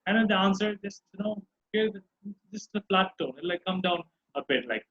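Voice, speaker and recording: A man's voice: high voice, lively intonation, rapid-fire, a bit bright, muffled recording. A man with a Tamil accent teaching English grammar, mixing in Tamil and repeating example questions with exaggerated rising tones. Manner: switches between English and Tamil, repeats phrases with exaggerated intonation. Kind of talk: classroom grammar lesson.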